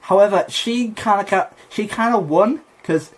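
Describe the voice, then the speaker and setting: A young man with a high voice, a comedian who co-hosts a podcast, tells a rambling story at a moderate pace. It's casual chat, full of fillers and laughter.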